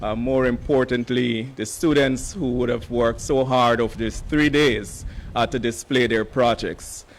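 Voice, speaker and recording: A hoarse man, an education official giving a measured ceremony speech with frequent pauses and "uh" fillers. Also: mid-range voice, steady tone, a little hiss or hum. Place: conference hall.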